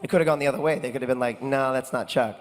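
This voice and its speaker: A man's voice: mid-range voice, rapid-fire. A man telling a story on a convention panel, rambling with many fillers and restarts. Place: convention hall. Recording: long hall reverb.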